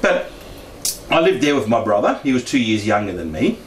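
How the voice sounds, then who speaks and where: A man at a mid-range pitch rambles through a personal story, circling back and restarting his sentences. He is picked up from some distance away in a roomy, echoing meeting room. A faint hum of background noise sits under his voice. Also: very animated, brisk. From Brisbane, Australia. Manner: meandering, frequent restarts and asides. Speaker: guest speaker at a paranormal discussion group.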